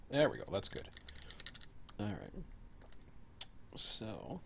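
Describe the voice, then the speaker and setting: A man's voice: mid-range voice, wildly swooping pitch, slow, pauses often, noisy background. A man casually chatting and rambling to himself while he plays a train simulator game. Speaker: host. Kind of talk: casual gaming commentary.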